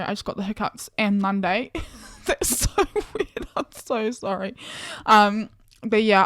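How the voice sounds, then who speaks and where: A woman's voice: medium pitch, no echo, studio quality. A young woman hosting a solo sports podcast, chatty and enthusiastic with lots of fillers. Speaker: podcast host.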